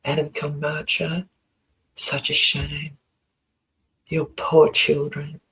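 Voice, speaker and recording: Someone delivers a contemptuous accusation on a livestream and sometimes drops into a harsh whisper. The voice is gravelly and full of fry. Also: medium pitch, monotone, takes it slowly, a bit bright, a little hiss or hum, low-quality recording. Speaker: livestream panel guest. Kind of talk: accusatory monologue.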